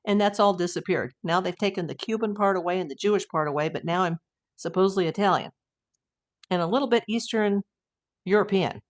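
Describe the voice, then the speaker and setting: An older woman from the United States, hosting a casual livestream, chatting and reading out viewer messages with frequent exclamations. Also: mid-range voice. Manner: chatty and exclamatory, quick to say wow. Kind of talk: casual live chat.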